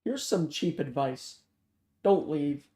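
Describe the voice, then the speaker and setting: A man's voice: on the high side, expressive, slow pace, dark tone. Man doing a 70-year-old Philadelphia guard, ex-patrol cop, blunt and teasing, storybook reading, echoey. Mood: gruff teasing. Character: gruff seventy-year-old male ex-cop security guard. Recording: roomy echo.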